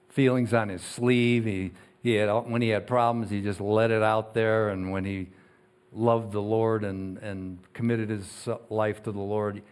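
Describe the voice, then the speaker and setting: This pastor's voice sits fairly low as he preaches with sincerity. His delivery swings from forceful emphasis to hushed asides, and scripture passages are read at a slow, deliberate pace.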